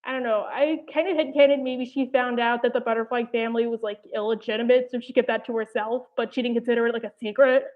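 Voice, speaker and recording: High-voiced girl rambling on stream, lots of likes and i dunnos, tinny sound. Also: fairly even intonation, quick pace, few pauses. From New Jersey. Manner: rambling, hesitant, many "like" and "I don't know". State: slightly out of breath. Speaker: animation commentary channel host. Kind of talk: casual livestream chat. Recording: tinny phone-like audio.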